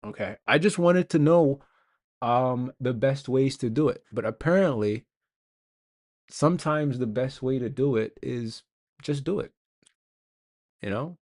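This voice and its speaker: A young man chats loosely with himself while he builds a game on a live stream. His talk is slow and unhurried, with a middle-pitched voice, and he wanders between thoughts with self-mocking asides. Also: animated, darkish tone. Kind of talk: casual live-stream coding chat.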